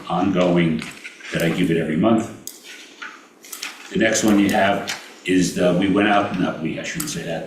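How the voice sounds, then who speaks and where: A man with a Brooklyn accent running a committee meeting, reading out payments and figures with many halting fillers. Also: low-pitched. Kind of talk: meeting business. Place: meeting room. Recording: echoey room from far off with noise.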